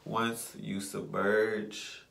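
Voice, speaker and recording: A man's voice: fairly low pitch, flat delivery, drawn-out words, creaky, fairly bright tone, echoey room, a little hiss or hum. A young man ranting to himself in a casual vlog, blunt and profane, repeating phrases as he pushes himself on. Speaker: vlogger. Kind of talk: casual self-talk rant.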